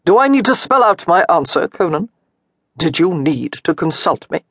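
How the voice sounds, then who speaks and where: A woman's voice: on the low side, very animated, normal speed, husky, no echo, studio quality, full character voice. A woman doing an arrogant, careless young duke. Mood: cool disdain. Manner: careless, coolly dismissive drawl.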